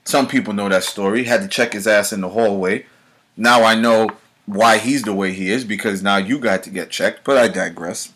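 A man's voice: on the low side, normal speed, fairly bright tone. A man, hosting his own show and delivering a heated, profane monologue straight at the listener. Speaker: show host.

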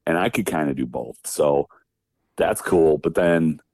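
A man from Wisconsin, a former pro wrestler, telling old road stories as an interview guest. His voice sits very low and mellow. He acts out the people he quotes and laughs often, recorded close and dry. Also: measured pace, no room sound. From Wisconsin, USA. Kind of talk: casual storytelling interview.

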